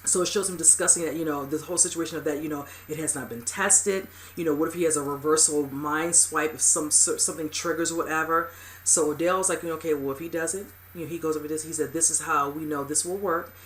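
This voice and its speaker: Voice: mid-range voice, fairly even intonation, quick pace, fairly bright tone, slight background noise. A host recapping a TV episode in casual, rambling talk, full of "you know" and "whatever" fillers and emphatic exclamations. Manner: emphatic, exclaiming at upsetting scenes.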